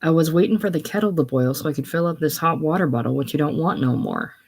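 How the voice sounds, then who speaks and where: A reader voicing a frightened, breathless former showgirl in a casual play reading, raised and pleading with a husky tone. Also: medium pitch, fast talker, a little mellow. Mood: anxious.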